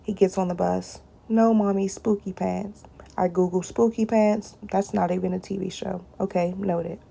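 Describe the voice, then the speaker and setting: A woman's voice: on the low side, level tone, moderate pace, creaky, warm tone, slight background noise. A woman speaking straight to her viewers in a personal video blog, often addressing them directly and repeating short phrases.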